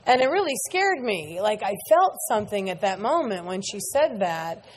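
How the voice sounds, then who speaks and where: A woman's voice: mid-range voice, very animated, moderate pace, breathy edge. A middle-aged woman giving a candid, earnest testimony talk to a large meeting audience, repeating words for emphasis. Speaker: speaker at a recovery meeting.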